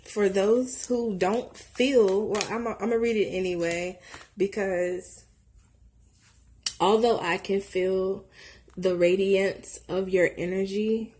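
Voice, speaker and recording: Woman tarot reader, unhurried and encouraging, leans on repeated affirmations. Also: medium pitch, fairly even intonation, a little mellow, slight background noise. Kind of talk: tarot reading for viewers.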